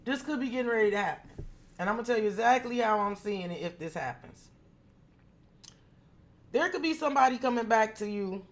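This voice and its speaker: Woman tarot reader on a live stream: frank, swearing, chatty, voice on the higher side. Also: expressive, a little fast, long pauses. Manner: talks straight to viewers by name.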